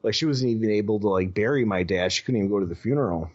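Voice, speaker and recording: A man with a fairly low voice tells a personal story as a guest, stumbling over restarts and swearing casually. The audio is dull and lo-fi. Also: lively intonation, rapid-fire. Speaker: podcast guest.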